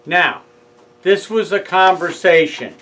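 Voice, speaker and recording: A man's voice: sits high, takes it slowly, pushed and bright, poor audio. A middle-aged man with a New York accent, telling his story in a casual monologue and acting out both sides of a heated phone argument. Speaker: speaker recounting a legal case.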